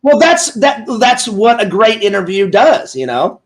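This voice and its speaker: A man with a high-pitched voice hosts a loose, casual interview. He jokes around and drifts into long rambling stories in an easygoing chat tone. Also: very animated, a little slow, rough recording. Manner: rambling, playful storyteller, joking. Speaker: interview host, Twitch streamer.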